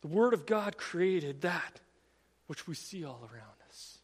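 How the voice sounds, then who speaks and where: An earnest male preacher with a high, light voice delivers a sermon, leaning hard on certain phrases by slowing right down. His words ring out with a long hall echo around them. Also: expressive, husky. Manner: earnest, emphatic preaching with slowed stressed phrases and repetitions.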